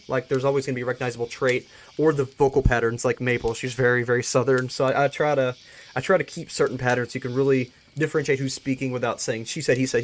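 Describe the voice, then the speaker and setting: A man's voice: mid-range voice, slight background noise. A man hosting a live stream, closing it in an earnest, thankful way and often restarting his words. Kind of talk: casual live-stream sign-off.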